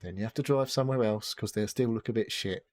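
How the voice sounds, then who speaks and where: A man's voice: on the low side, fast, darkish tone. A man hosting a podcast, chatting casually in a rambling, sweary way full of fillers and restarts. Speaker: podcast host. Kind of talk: casual chat.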